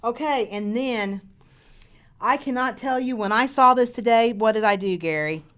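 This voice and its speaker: A woman hosting a casual live chat, excited and gushing. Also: a little high, normal speed, clear, resonant tone. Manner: gushing, excited, laughs easily. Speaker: host.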